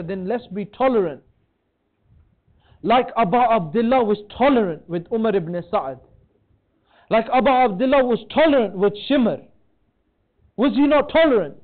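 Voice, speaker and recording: A man speaking at a religious gathering, giving an impassioned mourning sermon and pleading with his listeners. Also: extremely high pitch. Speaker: majlis speaker. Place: religious centre hall. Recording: thin phone-like lo-fi sound.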